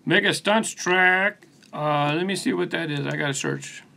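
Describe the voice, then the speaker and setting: A man with a gravelly, bright voice that sits a little high, hosting a relaxed live stream from his studio. He rambles easily through viewer comments, calling people by name, picked up on a phone propped on a post. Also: a little slow, a little hiss or hum. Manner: laid-back, rambling, answers viewers by name. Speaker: channel host. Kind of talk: casual live stream chat reading comments.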